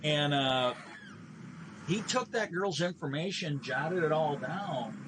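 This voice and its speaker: A middle-aged gamer rants casually through a long, bitter, profanity-laced story full of restarts as he streams. He speaks slowly in a slightly high, animated voice over a noisy background.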